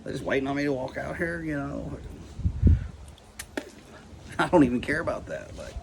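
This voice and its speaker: In a gravelly mid-range voice and at a measured pace, a male vlogger rants to camera about his anxiety. It's casual, profane and rambling, with "like" and "you know" thrown in constantly. A noisy hiss fills the background.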